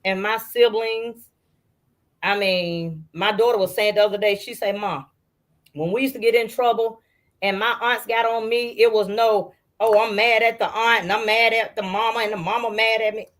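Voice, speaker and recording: A woman's voice: on the high side, moderate pace. A middle-aged woman, a guest on an interview, telling family stories casually and acting out her relatives' voices. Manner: animated storyteller who acts out family members' voices.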